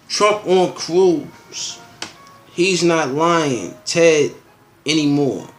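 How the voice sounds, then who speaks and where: Slow-talking man riffing on headlines. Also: a little high, soft background music. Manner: loose and slangy, with frequent asides and filler phrases. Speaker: show host commenting on news headlines. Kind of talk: casual rambling news commentary.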